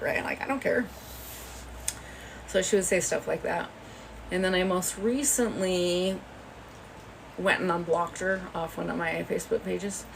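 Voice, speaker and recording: A woman's voice: fairly low pitch, vocal fry, far from the mic, a little hiss or hum, rough recording. A woman hosting a livestream, telling a rambling, gossipy story in a chatty way. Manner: rambling, chatty, often laughing. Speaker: livestream host. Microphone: phone.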